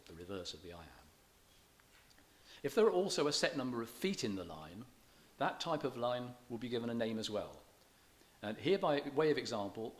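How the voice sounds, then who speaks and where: Male lecturer with a slightly low voice. Steady and explanatory, with understated wit. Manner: measured, explanatory, with dry self-deprecating humour. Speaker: lecturer on poetry. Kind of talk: public lecture. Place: church event.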